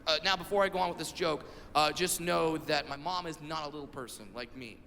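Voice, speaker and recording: A man performing a stand-up comedy set, telling stories with animated delivery and shouted punchlines. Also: a little high, a little fast, vocal fry. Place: stage in a comedy venue. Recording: echoey venue recording with noise.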